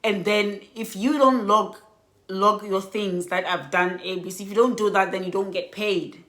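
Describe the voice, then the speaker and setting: A woman telling an emotional storytime vlog, sounding worn out and animated by turns. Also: medium pitch, moderate pace. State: exhausted. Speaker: vlogger. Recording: echoey room.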